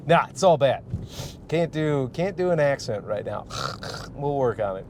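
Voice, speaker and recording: A man's voice: lively intonation, moderate pace, darkish tone. A man from Michigan, a stand-up comic hosting his podcast, rambling casually and profanely with frequent laughs while driving. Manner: profane, laughs often, restarts and trails off. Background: faint vehicle rumble.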